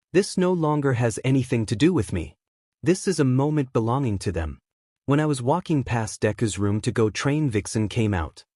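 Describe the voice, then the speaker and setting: A man reads a fan fiction story aloud in a plain, even storytelling voice at an ordinary middle pitch. The sound is dry and close, with no room around it. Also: dry recording. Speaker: narrator.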